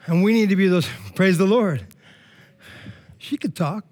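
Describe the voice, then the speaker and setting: A male pastor giving a sermon in a lively, joking, conversational way. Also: sits high, measured pace.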